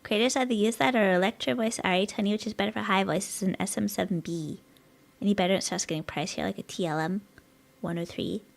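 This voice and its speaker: A woman's voice: mid-range voice, creaky. A woman streaming live, rambling in casual chat with her viewers and giggling often, her voice a bit strained. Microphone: dynamic studio mic.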